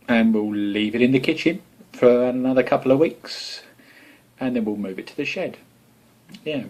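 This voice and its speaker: A man's voice: mid-range voice, a little mellow. A man with an Essex accent talks to camera in a loose, rambling way. He is self-deprecating and easygoing, with a mid-range voice, recorded on a camera mic as he moves about the room. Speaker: homebrew vlogger. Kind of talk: casual chat to camera.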